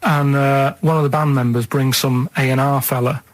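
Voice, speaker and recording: A man's voice: medium pitch, fairly even intonation, moderate pace, no room sound. A man with a Mancunian accent, a regular on a radio show, telling a meandering anecdote in a radio studio and checking in with "right?" as he goes. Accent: Mancunian English. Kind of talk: casual radio chat, rambling anecdote. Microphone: studio microphone.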